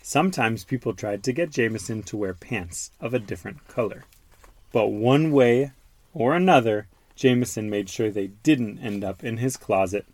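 A man's voice: on the low side, expressive, moderate pace, no echo. A man in his thirties reading a picture book to his young son, stopping to explain words. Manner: warm questions to the child, explains words.

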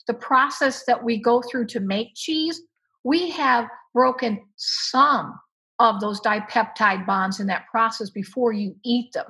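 A woman speaking as a guest expert, explaining how the body handles food in an animated, emphatic way. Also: fairly high pitch, slightly rough, rough recording. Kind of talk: explanatory conversation.

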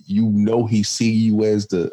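A man's voice: lowish voice, little pitch movement, unhurried, mellow. A man in casual conversation, reflective and storytelling, with many restarts.

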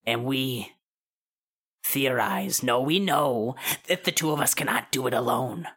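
A woman voicing an ancient elemental being who speaks formally and gravely in a tabletop game. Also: very deep voice, measured pace, a bit bright, heavily acted. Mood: solemn. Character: ancient elemental being, male, grand and solemn.

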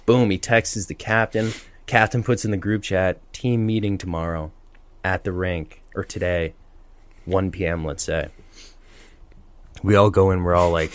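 A young man co-hosting a podcast, telling an animated story with lots of laughter and acted-out quotes. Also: low-pitched, moderate pace, dry recording. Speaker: podcast co-host. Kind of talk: casual storytelling chat.

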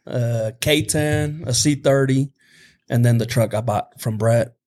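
Laid-back, halting male podcast guest. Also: mid-range voice, a little mellow. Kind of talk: casual chat.

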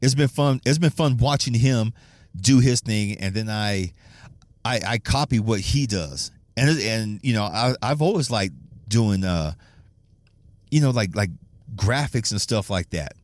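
A man's voice: on the low side, animated, measured pace, a little mellow, no room sound. A man hosting a casual solo podcast, rambling and swearing, laughing often and restarting his sentences. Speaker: podcast host.

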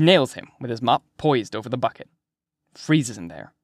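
A man narrating an audiobook in the first person, with steady storytelling and vivid emphasis. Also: medium pitch, moderate pace, no echo, studio quality.

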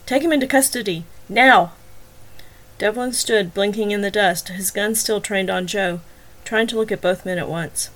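A woman reading a novel aloud in even, measured audiobook narration. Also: mid-range voice.

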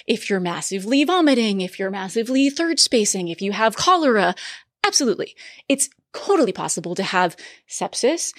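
A woman giving a recorded medical lecture, explaining physiology in a lively, conversational way with quick asides. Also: mid-range voice, no echo, studio quality.

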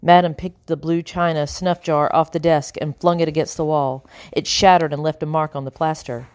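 Low-voiced woman narrating an audiobook. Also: fairly even intonation, moderate pace, a little mellow, no echo, clean studio sound. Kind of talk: scripted narration.

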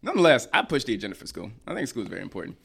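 A young man co-hosting a casual chat, teasing and joking in lively banter. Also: mid-range voice, racing, gravelly, breathy edge.

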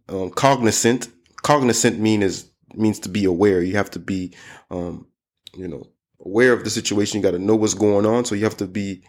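A man teaching English in a loose, chatty way, slowing down to model how word endings sound. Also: fairly low pitch. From United States. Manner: loose and chatty, lots of "you know" and "like". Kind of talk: casual spoken lesson.

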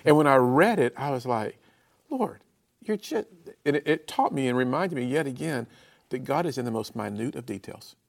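A man's voice: medium pitch, fairly quick, gravelly. A man hosting a Christian talk show, affirming his guest and then preaching to viewers in a sermon-like way. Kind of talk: preaching-style interview talk.

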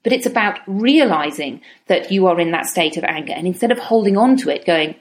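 A middle-aged woman giving a calm, reflective self-help talk and slowing down on key words. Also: mid-range voice.

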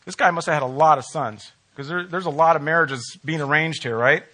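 A man preaching a sermon as a pastor, talking to his congregation in a relaxed, conversational way and often asking them questions. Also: on the high side, fairly quick.

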